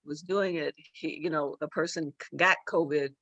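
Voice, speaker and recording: A woman's voice: deep voice, steady tone, moderate pace, fairly bright tone, dry recording, muffled recording. A middle-aged woman, a judge and author, telling a personal story as an interview guest, emotional and full of repeated words and restarts. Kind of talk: storytelling in a talk-show interview.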